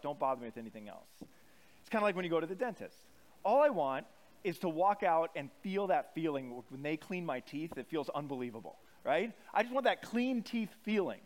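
A man preaches from the pulpit in an easy, conversational way. He tells self-deprecating stories, and his voice sits a little higher than most men's. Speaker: pastor. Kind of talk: sermon.

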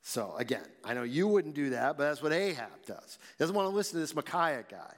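A man preaching a sermon, reading scripture slowly and then explaining it in a conversational way. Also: a little high, sing-song. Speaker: pastor. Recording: long reverb in a large hall.

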